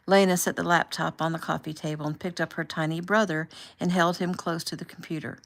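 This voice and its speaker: Low, gravelly woman reading her novel. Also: fairly quick, few pauses. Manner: relaxed, unpolished, conversational. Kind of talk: casual audiobook reading.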